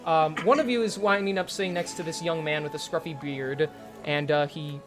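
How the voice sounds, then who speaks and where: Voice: medium pitch, fairly even intonation, a little fast, music in the background. A game master narrating a tabletop game in a casual, hesitant way with many fillers. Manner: chatty, hesitant, laughs a lot.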